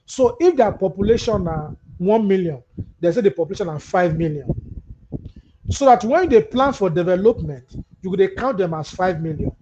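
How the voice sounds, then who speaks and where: A man's voice: high-pitched, expressive, normal speed, dark tone. A Nigerian man with a Nigerian Pidgin English accent, hosting a live political talk show, reading viewer comments and answering them with mocking asides. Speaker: host. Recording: muffled lo-fi audio with faint hiss.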